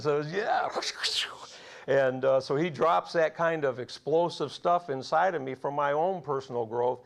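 Guy preaching, kinda gravelly voice, a bit high, folksy storytelling with chuckles. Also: measured pace, muffled recording. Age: 40s or older. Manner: folksy storytelling, laughs at own stories. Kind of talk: sermon with personal stories.

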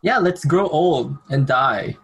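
A man's voice: fairly high pitch, expressive, slow pace, gravelly, a bit bright, husky, muffled recording. A man co-hosting a podcast in casual chat, making wry, joking asides. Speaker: podcast co-host.

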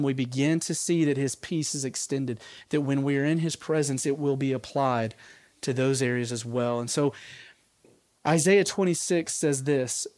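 A man's voice: medium pitch, dry recording. A man giving a conversational sermon as a pastor, laughing at his own asides.

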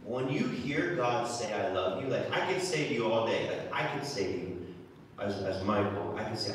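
A man's voice: lowish voice, very animated, measured pace, a little hiss or hum. A man giving a homily, talking conversationally and often repeating words as he restarts. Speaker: preacher. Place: church. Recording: echoey church from far off.

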